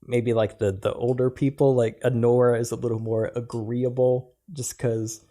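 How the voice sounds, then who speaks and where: Young guy cohosting a podcast, warm mellow voice, lots of likes and yeahs. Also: mid-range voice, little pitch movement, moderate pace. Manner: chatty, filler-heavy with "like" and "yeah". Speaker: podcast co-host. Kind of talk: casual chat.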